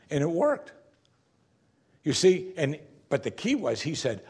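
A man's voice: fairly high pitch, sing-song, measured pace, pauses often, a little mellow, husky. A man preaching an earnest sermon, raising and dropping his voice for emphasis. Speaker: pastor.

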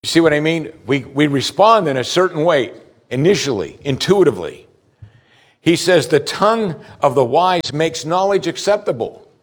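A man's voice: on the high side, expressive, normal speed. A man preaching a sermon as pastor, putting direct questions to his listeners with emphasis.

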